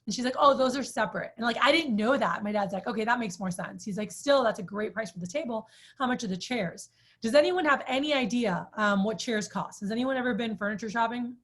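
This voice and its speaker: A woman in her thirties, chatty and animated, telling a personal story to a group, with many "like"s. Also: fairly high pitch, brisk. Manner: chatty, animated, says "like" often. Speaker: sales trainer.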